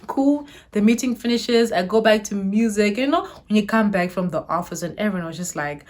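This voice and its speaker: A young woman from Zimbabwe, a YouTuber telling a storytime to her viewers in an animated, dramatic way. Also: mid-range voice, a little fast. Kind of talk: storytime vlog.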